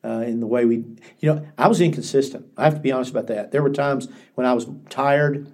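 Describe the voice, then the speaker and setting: A man's voice: mid-range voice, fast talker, a little mellow. An older man, a pastor, telling stories in an earnest, reflective way, often restarting his sentences during a podcast interview. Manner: earnest storytelling with frequent restarts.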